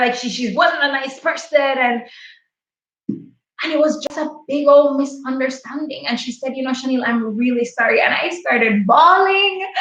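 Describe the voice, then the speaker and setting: A woman's voice: sits high, a bit bright. Woman in her late 20s chatting on a livestream, heartfelt, lots of fillers, kinda far from the mic and muffled. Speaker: livestream host. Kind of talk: casual livestream storytelling. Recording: echoey, distant and muffled.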